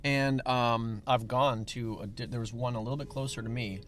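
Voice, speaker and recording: A man's voice: mid-range voice, normal speed. Easygoing middle-aged Chicago man guest. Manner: easygoing, relaxed, dry humor. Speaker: musician guest. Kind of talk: casual chat in a car over food. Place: parked car.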